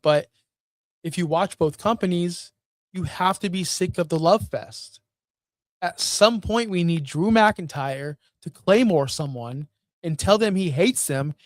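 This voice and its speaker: A man's voice: fairly high pitch, no room sound, clean studio sound. A man hosting a wrestling show, ranting in a blunt, profane, exasperated way. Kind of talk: casual rant commentary.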